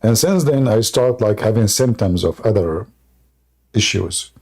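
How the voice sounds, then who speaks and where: A man's voice: on the low side, lively intonation, measured pace, darkish tone. A man hosting a live debate show, talking sarcastically and joking in non-native English, laughing at his own jokes. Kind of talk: mocking live debate monologue.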